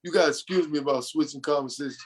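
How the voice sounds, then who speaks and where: An older man from New York speaks as a podcast guest with a somewhat high voice. He rambles through personal stories and keeps slipping into quotes of what others told him. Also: rapid-fire, slightly rough. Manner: rambling, often quoting others. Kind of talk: storytelling in an interview.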